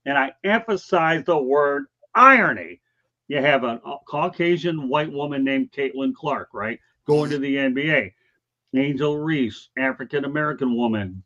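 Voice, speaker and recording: A man's voice: mid-range voice, fairly bright tone, muffled recording. A man hosting a sports talk show, casual and emphatic, pushing his opinions hard. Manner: emphatic, opinionated, keeps saying okay.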